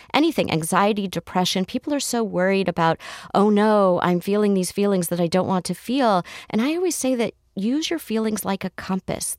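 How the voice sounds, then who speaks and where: Lively, laughing woman storyteller. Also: on the low side, no room sound, clean studio sound. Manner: animated, laughing storyteller who acts out quotes. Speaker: guest, therapist. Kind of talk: casual interview storytelling.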